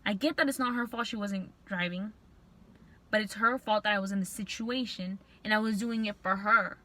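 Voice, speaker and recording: A young woman vlogger telling a storytime to camera, venting in an animated, frustrated way. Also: mid-range voice, moderate pace.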